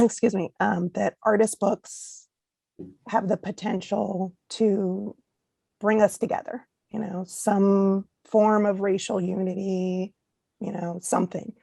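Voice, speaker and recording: A woman book artist speaking on a panel, earnest and halting, losing her voice and clearing her throat. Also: mid-range voice, steady tone, warm tone, no room sound, studio quality. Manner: earnest, repeats herself with "um"s. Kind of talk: panel discussion.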